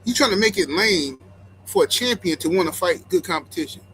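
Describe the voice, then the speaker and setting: A man's voice: sits high, lively intonation, fairly quick, fairly bright tone, slight background noise, poor audio. A man hosting a boxing channel, reacting bluntly and mockingly to clips. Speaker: boxing commentary channel host.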